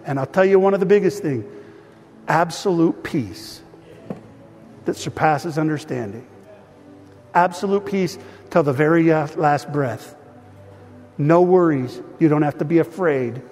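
A man pastor preaches and prays before his church, earnest and still emotional. His voice sits a little high. The sound rings with the long reverb of a large hall. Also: measured pace, long pauses, a little mellow, faint music behind. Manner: earnest, emotional, speaks of grief and peace. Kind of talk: sermon with prayer.

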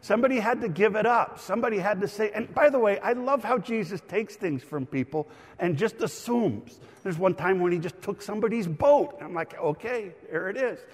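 Pastor, middle-aged man, energetic teaching sermon with bursts of emphasis; sits a bit high, long room reverb. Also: fairly quick, breathy edge. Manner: animated, shouts for emphasis, teaching aside.

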